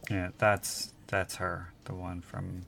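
A man co-hosts a casual film podcast in a lowish voice. He talks very slowly and hesitantly, with crude, blunt jokes. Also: monotone, gravelly, fairly bright tone. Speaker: podcast co-host.

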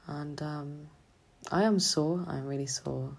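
A young woman student talking haltingly and hesitantly in a confessional vlog, sounding drained and low on energy. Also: steady tone, gravelly, a little mellow. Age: young adult. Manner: halting, hesitant, full of restarts. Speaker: student vlogger.

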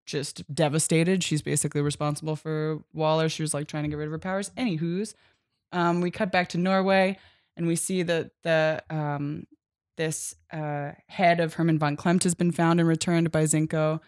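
A woman's voice: sits low, steady tone, moderate pace, darkish tone, no echo, clean studio sound. A woman co-hosting a podcast, recapping a comic in a rambling, casual way, with many fillers and easy laughter. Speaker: podcast co-host.

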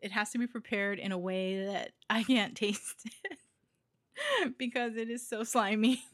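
This podcast co-host from Hawaii has a voice on the high side with lively intonation and a measured pace. Her talk is casual, giggly and full of fillers, captured in a dry, studio-quality recording.

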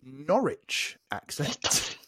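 A man from the United Kingdom hosting a podcast quiz with animated, teasing, casual banter. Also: fairly high pitch, very slow, over a noisy crowd. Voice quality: animated, teasing, swears freely. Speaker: quizmaster and podcast host. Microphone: podcast microphone.

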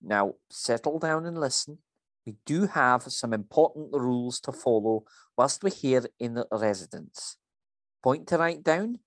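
Man doing a bossy Scottish lady manager, stern sing-song delivery, high put-on pitch, very lively. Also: no echo. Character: strict middle-aged female resort manager.

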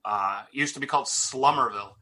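A man's voice: medium pitch, fast, bright, forceful tone. A man in a casual chat, easygoing and plain-spoken. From Somerville, Boston area.

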